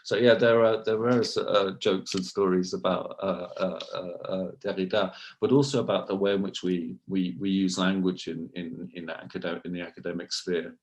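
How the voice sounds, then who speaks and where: A man's voice: deep voice, fairly even intonation, normal speed, hardly any pauses. A man, a university researcher, speaking as a podcast guest and telling stories with many asides and restarts. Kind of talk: casual interview, storytelling.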